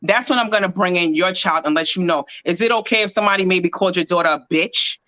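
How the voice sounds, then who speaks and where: A woman's voice: lowish voice, quick pace, fairly bright tone, no room sound. Emphatic woman with a dull, lo-fi sound. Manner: emphatic, opinionated, repeats "this is what I'm saying". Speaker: co-host. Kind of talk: casual reality TV recap chat.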